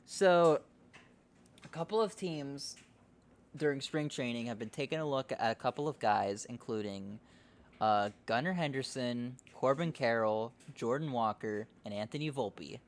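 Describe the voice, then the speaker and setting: A man's voice: medium pitch, moderate pace. A man hosting a podcast in a loose, rambling chat, swearing and laughing easily. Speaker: podcast host. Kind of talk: casual chat.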